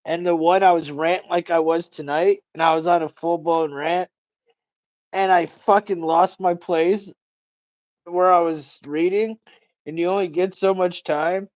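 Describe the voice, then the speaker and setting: A man's voice: high voice, steady tone, measured pace, no room sound, low-quality recording. A man hosting a casual livestream, talking in a rambling, profane, ranting way. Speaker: livestream host.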